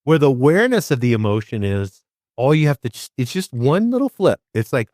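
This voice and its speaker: A man's voice: medium pitch, sing-song, a little fast, darkish tone, dry recording, clean studio sound. A man hosting a casual spiritual conversation about recovery, talking emphatically, swearing freely and acting out the voices in his head.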